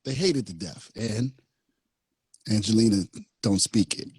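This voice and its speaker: A man hosting a podcast, telling a story in an animated way and laughing often. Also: on the low side, a little slow, slightly rough, dry recording. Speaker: podcast host. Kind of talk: casual podcast chat. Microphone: studio microphone.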